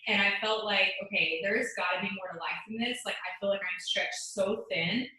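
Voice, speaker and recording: A woman's voice: medium pitch, pushed and bright, heavy reverb, rough recording. A woman in her late twenties giving an earnest motivational talk on a video call, full of "like" fillers. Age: late 20s. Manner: fast, earnest, many "like" fillers. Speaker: guest speaker.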